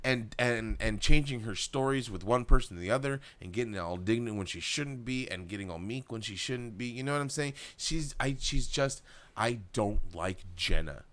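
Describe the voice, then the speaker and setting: Recapping a show, a male podcast co-host chats casually, swears frequently, and performs quotes along the way. His mid-range voice is fairly bright, at a moderate pace.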